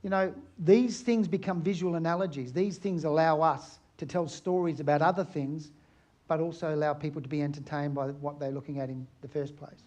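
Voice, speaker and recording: A middle-aged man from Australia speaks at a photography conference, an aerial photographer telling stories. His voice sits a little high, and his manner is chatty and anecdotal, turning to the audience with questions. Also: steady tone, brisk, darkish tone. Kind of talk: conference talk to a live audience.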